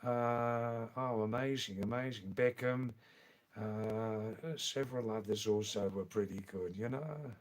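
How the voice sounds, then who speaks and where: Guy rambling on a livestream, talks to chat by name, unhurried. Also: fairly low pitch. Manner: rambling, chatty, answering viewers by name. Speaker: live streamer. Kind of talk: live stream chat.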